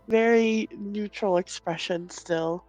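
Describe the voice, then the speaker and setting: Very slow, drawling woman player. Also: mid-range voice, a little mellow, low-quality recording. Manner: drawn-out, amused delivery. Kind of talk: describing her character's actions.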